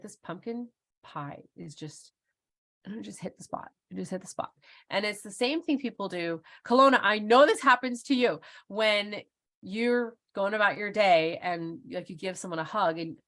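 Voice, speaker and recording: Middle aged lady chatting thru an online workshop on a video call, giggly, lots of likes and ums, kinda low voice. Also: normal speed, a bit bright. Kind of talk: casual live presentation.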